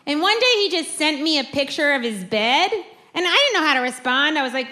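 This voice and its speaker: A woman performing a stand-up comedy set, telling a story and acting out quoted lines with animated delivery. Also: sits high, normal speed. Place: comedy club stage with audience. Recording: live club recording with crowd noise. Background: audience laughter.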